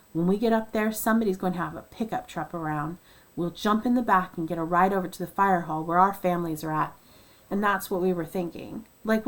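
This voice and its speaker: A woman reading a nonfiction book aloud at first sight, voicing first-person accounts and lifting her voice for quoted shouts. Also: mid-range voice, low-quality recording. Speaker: audiobook reader.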